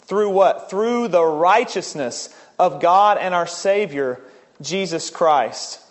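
A man preaching a sermon as a pastor, earnest, slowing down to stress key words. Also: high-pitched, animated.

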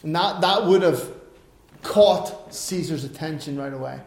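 Slow, high-voiced male preacher. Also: roomy sound. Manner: earnest, rhetorical questions, unhurried. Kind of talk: sermon.

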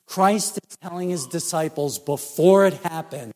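A man preaching a sermon as pastor, emphatic and measured, with rhetorical questions. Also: fairly high pitch, expressive, warm tone. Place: church sanctuary. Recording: church hall reverb.

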